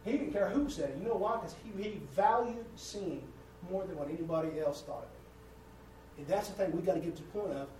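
A man preaching a sermon in a folksy storytelling way, swinging from loud to hushed. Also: sits high, fairly quick, a little hiss or hum. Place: church sanctuary. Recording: echoey room heard from a distance.

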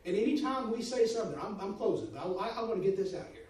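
Man, middle-aged, earnest preacher, dark tone, distant echoey sound. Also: high-pitched, racing. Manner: folksy, earnest, storytelling preacher. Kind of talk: sermon. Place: church sanctuary. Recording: echoey room from far off.

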